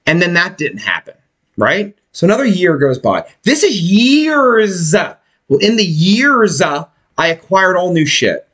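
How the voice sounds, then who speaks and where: A man's voice: high-pitched, a little slow. A man hosting a podcast, telling a rambling, profane story in casual chat and swearing freely. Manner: animated, swearing, puts on voices for people he quotes. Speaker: podcast host.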